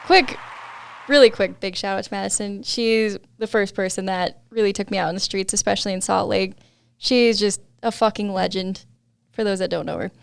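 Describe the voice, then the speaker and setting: A woman's voice: medium pitch, fairly even intonation, moderate pace, creaky, clean tone, dry recording. A young adult woman, a podcast guest, telling a story in casual chat, laughing often and saying "like" a lot.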